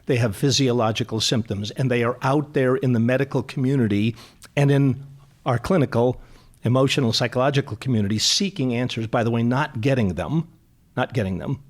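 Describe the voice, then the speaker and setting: A man's voice: mid-range voice, a little fast. A middle-aged man in a radio interview, talking in a mid-range voice. He speaks earnestly and leans on repeated words to drive each point home. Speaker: clinical psychologist guest.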